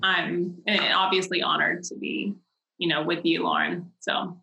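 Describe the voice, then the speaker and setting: A woman guest on a podcast in casual chat, encouraging and unhurried. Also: on the low side, flat delivery, gravelly, bright, forceful tone, reverberant, highs cut off.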